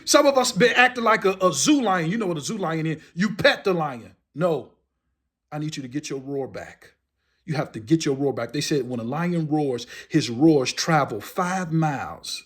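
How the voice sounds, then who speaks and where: Male motivational host, slightly raised pitch, husky tone, punchy and repetitive. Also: lively intonation, moderate pace, a bit bright. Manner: emphatic, repeats key phrases. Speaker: motivational speaker. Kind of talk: motivational speech.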